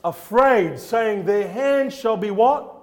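A male preacher with a notably high-pitched voice delivers a fervent sermon. He repeats phrases for emphasis and keeps pausing to quiz his congregation on the next word of scripture. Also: animated. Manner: fervent, repetitive, quizzes the congregation.

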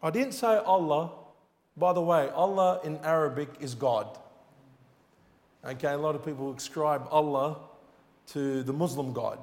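A man's voice: fairly high pitch, unhurried, long pauses, a little mellow. A man preaching a sermon, telling a personal testimony in an earnest, storytelling way with rising emphasis. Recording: long hall reverb.

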